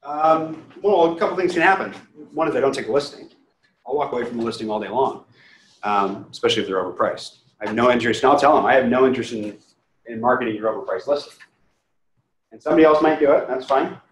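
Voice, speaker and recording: A man's voice: mid-range voice, quick pace. A man who is a real estate agent, giving a casual training talk and acting out both sides of client conversations. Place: training room. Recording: echoey room.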